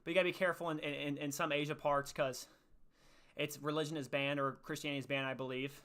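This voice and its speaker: A fast-talking young man with a high-leaning, fairly bright voice and flat delivery hosts a casual faith livestream. Upbeat and chatty, he reads and answers viewers' chat while out of breath after push-ups.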